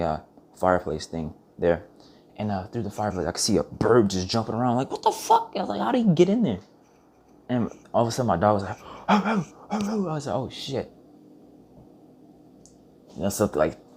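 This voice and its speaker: A young man with a very low voice tells a story in a loose, rambling vlog monologue. He swears often and keeps restarting his sentences as he goes. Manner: rambling, profane, animated retelling with restarts. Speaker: vlogger.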